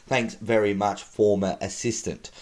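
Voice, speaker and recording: A man's voice: lowish voice, steady tone, measured pace, darkish tone. A man hosting a comedy show, teasing his guests in a mocking tone. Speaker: host.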